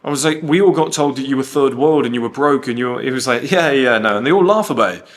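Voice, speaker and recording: A man's voice: medium pitch, quick pace. A man from the UK talking casually and bluntly, telling stories full of quoted dialogue and swearing. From United Kingdom. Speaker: host. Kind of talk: casual monologue.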